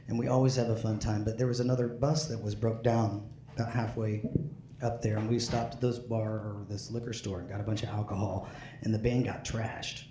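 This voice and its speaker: A man's voice: mid-range voice, dark tone, slight background noise. A man doing a stand-up comedy set, tipsy, rambling with many fillers and restarts. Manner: rambling, halting delivery with frequent fillers and restarts. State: a bit drunk. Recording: echoey room with faint ambience.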